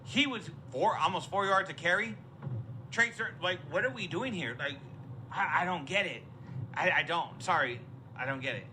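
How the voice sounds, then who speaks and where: High, bright-voiced ranting man. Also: moderate pace, slight background noise. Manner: exasperated, ranting, repeats himself. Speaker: listener sending voice messages. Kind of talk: recorded fan rant.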